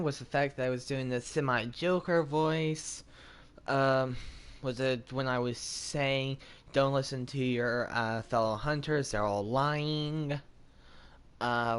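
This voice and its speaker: Unhurried self-mocking man gaming. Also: clear, resonant tone. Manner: rambling, self-mocking, talks to himself and his in-game character; unhurried, with sudden squeaky jumps in pitch. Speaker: gaming channel host. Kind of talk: casual gameplay commentary.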